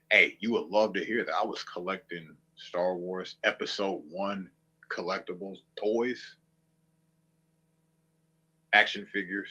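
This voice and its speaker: Streamer, male, low husky voice, mocking and combative rant. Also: fairly even intonation, unhurried, sharp tone, dull audio. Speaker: online streamer. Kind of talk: ranting commentary to viewers.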